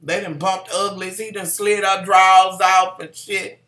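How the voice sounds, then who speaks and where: A middle-aged woman chats through a TV review, salty and sassy, calling her viewers honey. Her voice is bright and forward. The room around her gives it a roomy echo. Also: mid-range voice, little pitch movement, measured pace. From Kentucky, USA. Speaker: TV show reviewer. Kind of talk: casual chatty review.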